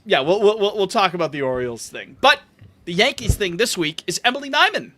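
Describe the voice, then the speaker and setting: A man hosts a casual podcast chat, upbeat and fond of joking asides. His voice is bright and sits a little high. He sounds like he is talking into a remote call microphone. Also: sing-song, fairly quick, slight background noise. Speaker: podcast host.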